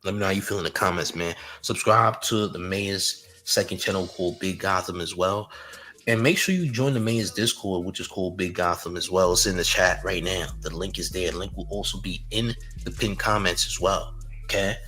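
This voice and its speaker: Young male livestream host, low voice, punchy and cocky, repeats himself, laughs at his own jabs. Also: moderate pace, bright, forceful tone. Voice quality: boastful, trash-talking. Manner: repeats phrases, laughs between lines. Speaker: YouTube commentary host. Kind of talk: livestream commentary with chat.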